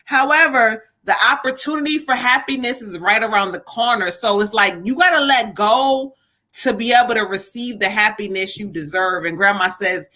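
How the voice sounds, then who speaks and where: Lady psychic doing a live reading, chatty, bright clear voice. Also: a little high, moderate pace. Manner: animated, talks to spirit and viewers. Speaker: psychic reader. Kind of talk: live stream card reading.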